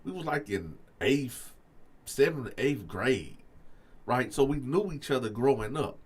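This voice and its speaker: A man's voice: unhurried, breathy edge. A man hosting a storytelling channel, telling a story to his viewers in a loose, slangy way and acting out both sides of the conversation. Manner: animated, acts out both sides of a story with raised pitch for himself; loose slangy delivery, addresses viewers as y'all.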